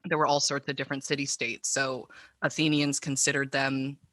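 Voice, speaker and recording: Co-host, man, bright tense tone, dry close mic, playful. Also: mid-range voice, level tone, dry recording. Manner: quick playful asides. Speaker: panel co-host. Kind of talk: casual discussion.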